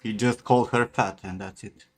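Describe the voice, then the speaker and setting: A man's voice: on the low side, fairly even intonation, normal speed. Teasing, foul-mouthed man. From Norway. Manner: teasing, swears freely, laughs often. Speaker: art mentor hosting a voice chat. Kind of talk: casual voice chat banter.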